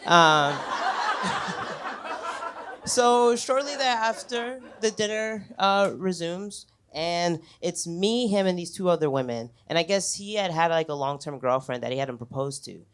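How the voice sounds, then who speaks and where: A man's voice: high voice, lively intonation, measured pace, fairly bright tone, clear, resonant tone. A young man telling a stand-up story on a club stage, talking conversationally, chuckling between lines and swearing freely. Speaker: stand-up comedian. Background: audience laughter.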